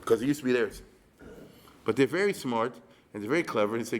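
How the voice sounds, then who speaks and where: A rabbi lecturing on history in a loose, conversational way. He keeps checking in with his listeners and slips in wry, humorous asides. His voice sits at an ordinary middle pitch for a man. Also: animated, fast, pauses often. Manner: chatty, keeps checking in with the audience.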